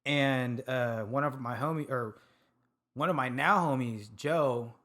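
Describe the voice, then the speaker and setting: Chill dude from sacramento, hawaii twang, just chatting loose, cusses a bit. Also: male voice, mid-range voice, unhurried, a bit bright. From Sacramento, California. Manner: laid-back, laughs often, swears casually. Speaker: podcast guest, food truck owner. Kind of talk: casual chat.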